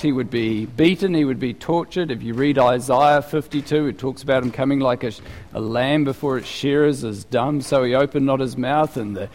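A man's voice: on the high side, a little mellow. Preacher man in a reverberant hall. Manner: conversational, asks the listeners rhetorical questions. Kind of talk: sermon.

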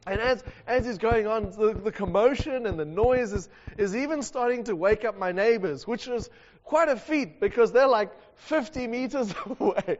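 A man preaches a sermon, telling a story with animated energy and frequent laughter. His voice is high, and the recording is muffled and dull, with a long hall reverb trailing his words. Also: normal speed.

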